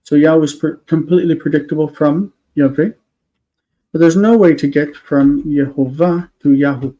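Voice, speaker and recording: A man's voice: fairly high pitch, normal speed, muffled recording. A man on a live stream, explaining word forms step by step, thinking aloud with many fillers. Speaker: Hebrew teacher.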